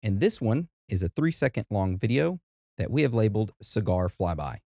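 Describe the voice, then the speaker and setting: A man with a very low, dark voice co-hosts a podcast in casual chat. He sounds laid-back and conversational as he walks through each segment. The sound is dry and close. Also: sing-song, normal speed, gravelly, dry recording. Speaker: podcast co-host.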